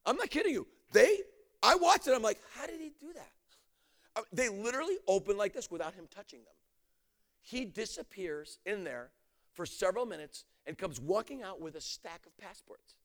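A man preaching a story in an animated, storytelling sermon, now and then shouting. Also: high-pitched, normal speed. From United States.

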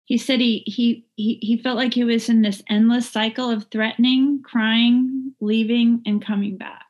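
A woman's voice: a little high, fairly even intonation, a little mellow, dull audio. Candid middle-aged woman telling her recovery story. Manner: candid, heartfelt, halting with fillers and restarts. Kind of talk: personal recovery testimony. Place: lives in Northern California.

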